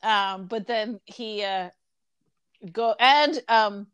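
Woman, casual podcast chat, animated storyteller, dry close mic. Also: mid-range voice, drawn-out words, smooth, dry recording, muffled recording. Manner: animated retelling with quoted voices, frequent ums.

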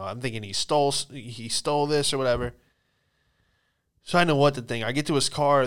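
A man's voice: medium pitch, clean tone. A man casually telling rambling stories about an old restaurant job, swearing and peppering his talk with "like". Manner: rambling anecdotes, lots of "like", swearing; breaks into loud laughing impressions. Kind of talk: casual storytelling chat.

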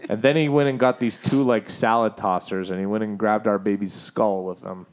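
A man's voice: on the low side, steady tone, moderate pace. A man co-hosting a casual podcast chat, telling a story with lots of laughter, swearing and acted-out voices. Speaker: podcast co-host.

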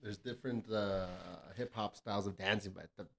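A man's voice: lowish voice, fairly even intonation, fairly quick, crowd noise. A man hosting a casual podcast, asking questions in a laid-back, slangy way. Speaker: podcast host.

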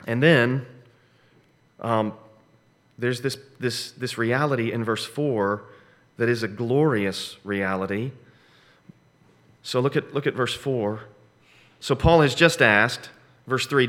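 A middle-aged man preaching a sermon, emphatic, slowing down for dramatic weight and repeating key phrases. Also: medium pitch, a bit bright. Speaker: pastor.

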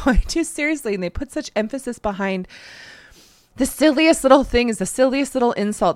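Canadian podcast lady in her thirties, laughs a lot, super animated voice, dry close sound. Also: on the high side, no echo. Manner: laughs often, rambling storytelling. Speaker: podcast co-host. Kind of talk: casual chat.

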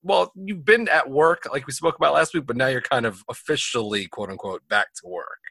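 A man co-hosting a casual podcast, chatty and relaxed, with plenty of fillers and restarts. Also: mid-range voice, fairly quick, gravelly, husky, no room sound, studio quality. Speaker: podcast co-host.

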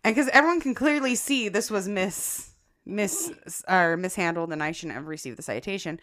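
A woman's voice: medium pitch, normal speed. Chatty woman podcast host telling a story. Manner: chatty, animated storyteller who laughs often and addresses listeners as guys. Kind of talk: casual chat, telling a personal story.

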